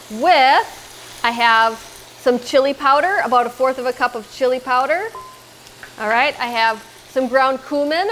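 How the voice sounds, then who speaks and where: A woman's voice: high-pitched, fairly bright tone, a little hiss or hum, poor audio. A middle-aged woman hosting a casual cooking demonstration in her home kitchen, chatting through each step and talking to her son as she cooks. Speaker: cooking show host.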